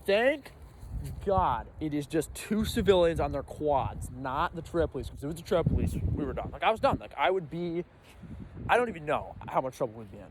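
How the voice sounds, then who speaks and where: A young man telling a casual storytime vlog, animated and acting out his own panicked reactions. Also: on the high side, background noise. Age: young adult. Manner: animated, acts out his own reactions with sudden loud bursts. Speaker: storyteller vlogger.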